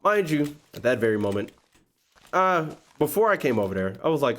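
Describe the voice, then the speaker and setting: A man hosting a gaming video, telling a story in a slangy, expressive way and often breaking into laughter. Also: fairly high pitch, moderate pace. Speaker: gaming YouTuber host. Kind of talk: animated storytime while playing a game.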